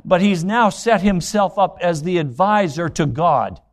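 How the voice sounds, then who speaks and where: A man with a high, animated, slightly slow voice preaches a sermon as a pastor. He retells scenes from scripture and acts out the dialogue, then presses the congregation with pointed rhetorical questions.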